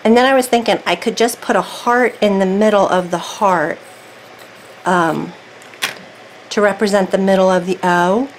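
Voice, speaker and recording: A woman's voice: mid-range voice, steady tone, moderate pace, low-quality recording. Woman, casual craft tutorial, rambling self-talk while working, faint background noise. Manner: chatty, self-talking while working, thinks aloud. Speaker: craft video creator.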